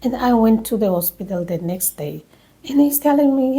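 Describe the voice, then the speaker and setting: Woman telling her story, mellow voice. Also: a little high, moderate pace. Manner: emotional, animated retelling with many restarts. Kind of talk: personal storytelling.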